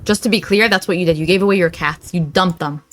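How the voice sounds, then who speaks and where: A woman's voice: fairly low pitch, fast talker, a bit bright. Sarcastic young woman, reaction host. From Arab. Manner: sarcastic, mocking. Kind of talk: reaction commentary.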